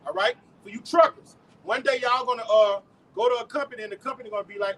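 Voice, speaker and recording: A man's voice: very high voice, quick pace, fairly bright tone. A man street preaching outdoors, cursing freely and quizzing the crowd with rhetorical questions. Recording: distant mic, faint street noise.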